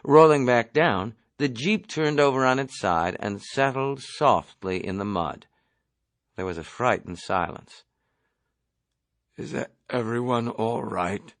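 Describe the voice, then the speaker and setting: A man reading a novel aloud as an audiobook, in a measured storytelling delivery. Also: medium pitch, animated, a bit bright, dry recording, studio quality. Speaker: audiobook reader. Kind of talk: novel narration.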